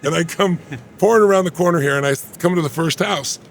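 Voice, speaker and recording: Interview guest, man in his 60s: gravelly, rapid-fire, emphatic storyteller. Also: fairly high pitch, faint music behind.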